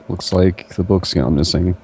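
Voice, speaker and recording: A man's voice: low-pitched, darkish tone, a little hiss or hum. A man playing a tabletop game, joking in a wry, sarcastic way. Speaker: player. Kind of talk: casual tabletop play.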